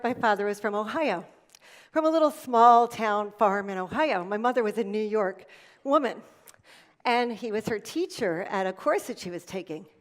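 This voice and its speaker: A middle-aged woman giving a motivational keynote at an event, telling stories with dramatic pauses. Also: fairly high pitch. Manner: animated storytelling with dramatic pauses. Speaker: motivational speaker. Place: event hall.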